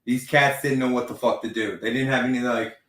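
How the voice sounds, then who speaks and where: A man's voice: medium pitch, fairly even intonation, brisk, fairly bright tone, far from the mic. A man hosting a casual wrestling podcast, telling rambling, profane stories about his week. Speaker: podcast host. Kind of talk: casual chat. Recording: roomy, from off the mic.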